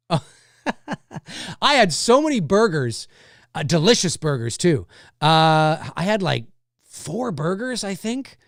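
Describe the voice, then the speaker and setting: Casual male livestream host, rambling and reading viewer comments, smooth voice, dry sound. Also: high-pitched, no room sound.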